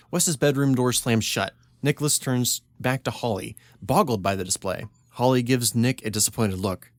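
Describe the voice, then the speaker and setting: A man's voice: medium pitch, unhurried, no echo, clean studio sound. A man co-hosting a comedy podcast, reading his own script aloud with wry asides and frequent laughs. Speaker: podcast co-host.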